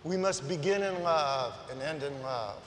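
Passionate male preacher, high voice, booming room, slow measured delivery building to shouts. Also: a little hiss or hum. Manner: impassioned, swings from soft to shouting. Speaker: guest preacher. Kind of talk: sermon. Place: large church sanctuary. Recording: echoey church hall.

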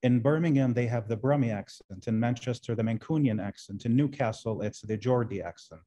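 Mellow-voiced Arabic-speaking professor, halting phrasing. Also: male voice, mid-range voice. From Arab world. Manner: thoughtful, repeats words while searching for phrasing. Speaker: translation professor, guest. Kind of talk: interview conversation.

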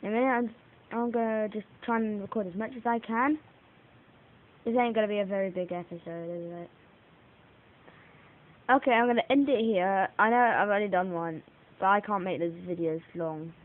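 A woman giving live commentary on her own gameplay, excitable, laughing and mocking herself. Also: mid-range voice, normal speed, long pauses. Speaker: gaming video maker. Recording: tinny lo-fi mic with faint hiss.

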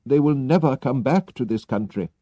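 A man voicing a polite old female servant with a raised pitch. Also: expressive, normal speed, dark tone, dry recording, close to an everyday voice. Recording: dull lo-fi recording.

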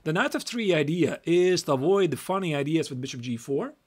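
A man's voice: on the high side, expressive, a little fast, darkish tone. A young Latvian man with a Latvian accent giving a chatty live-stream chess lesson, reading moves aloud and repeating himself.

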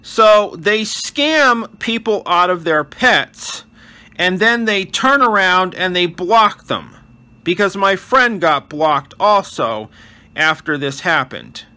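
High, lively man narrating gameplay. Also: slow pace. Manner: earnest, reads chat messages aloud; wishes viewers a blessed day. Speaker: gaming channel host. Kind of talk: voice-over commentary on gameplay.

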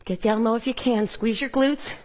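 A woman's voice: a little high, fairly even intonation, normal speed, darkish tone. A middle-aged woman leading a live home workout as a fitness instructor, upbeat and breathing hard as she cues each move while exercising. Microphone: clip-on mic.

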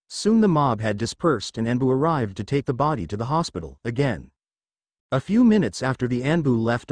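A man narrating a fan fiction story aloud in a brisk storytelling way. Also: mid-range voice, no room sound.

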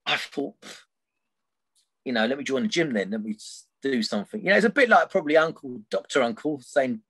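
A man's voice: mid-range voice, expressive, brisk, a bit bright, slightly rough, no echo. A middle-aged man, a podcast guest telling a personal story candidly and loosely, often tagging sentences with "right?". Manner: rambling, keeps checking in with "right?".

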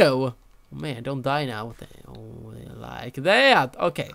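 Slow, animated young-sounding man narrating gameplay. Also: mid-range voice, gravelly. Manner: animated, exasperated self-talk with frequent exclamations. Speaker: gaming channel host. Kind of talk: let's-play gameplay commentary.

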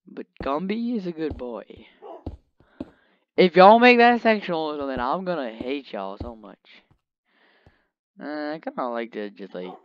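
Over a dull, lo-fi microphone with no room sound, a mid-range male voice gives rambling, casual game commentary. The gamer keeps joking and addressing his in-game pet.

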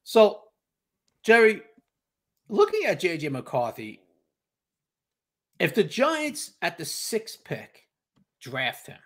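A man's voice: sits high, wildly swooping pitch, slow pace, pauses often. A man co-hosting a casual sports talk show, emphatic and repetitive, acting out the reactions of others. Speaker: podcast co-host.

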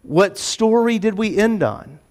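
High-voiced man giving a chatty sermon. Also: a little slow. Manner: chatty and animated, acts out quoted voices, self-deprecating asides. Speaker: pastor. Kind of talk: casual conversational sermon. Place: church.

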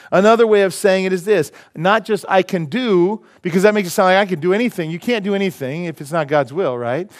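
Emphatic preaching man, loud and soft. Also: sits high, fairly quick. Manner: preaching with sudden loud emphatic rises and drops to quiet. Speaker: pastor. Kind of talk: sermon. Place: church sanctuary.

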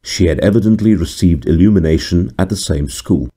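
A man narrating a vintage horror story in a deliberate, dramatic storytelling manner. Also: sits low, mellow.

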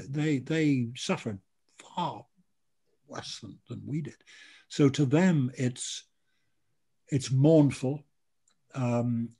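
A man's voice: mid-range voice, dark tone, breathy edge. An older man from Britain, a military historian answering a question in a live online talk, outspoken and blunt, with frequent ums and restarts.

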